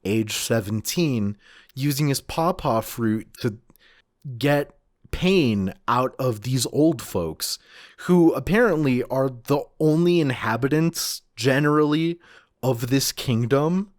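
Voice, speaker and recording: A man's voice: mid-range voice, expressive, slow, no echo, clean studio sound. A man co-hosting a podcast, casually recapping a comic chapter in a laid-back way, swearing and saying "like" a lot. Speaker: podcast co-host.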